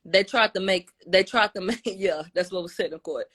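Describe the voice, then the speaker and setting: Woman, mid pitch, casual commentator, quotes others with changes in tone and loudness. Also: moderate pace. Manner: conversational, retelling quotes with shifts in tone and loudness. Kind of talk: casual recap.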